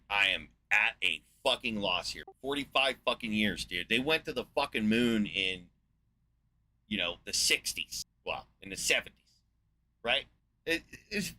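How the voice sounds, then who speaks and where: A man's voice: mid-range voice, bright, forceful tone. A man in his forties from the United States, ranting in a sarcastic, profane monologue as a podcast host. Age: 40s.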